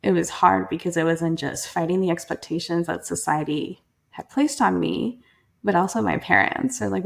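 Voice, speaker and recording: A young woman speaks as a podcast guest, her voice sitting low with a gravelly edge. She talks in an earnest, candid way, restarting sentences often. She brings relatives to life when she quotes them. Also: normal speed. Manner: earnest, frequent restarts and "like", quoting family in lively voices. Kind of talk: candid interview storytelling.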